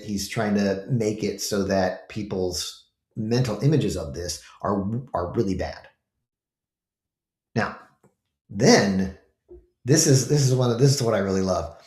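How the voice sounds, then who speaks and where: A man with a fairly low voice hosts his own commentary show. He talks casually but with emphasis, throwing rhetorical questions at his viewers. His voice rings a little in an echoey room. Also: darkish tone. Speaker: host.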